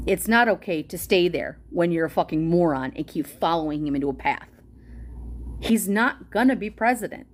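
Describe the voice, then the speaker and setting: A woman's voice: mid-range voice, darkish tone. A woman delivering an angry, profane political rant straight to her viewers, heated and confrontational. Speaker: political commentator reading a policy document aloud. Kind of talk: angry direct-to-camera rant.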